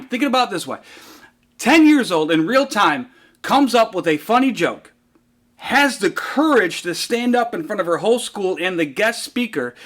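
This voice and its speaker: A man giving a motivational keynote talk, telling a story in an animated way and building to rhetorical climaxes. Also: high-pitched. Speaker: motivational speaker.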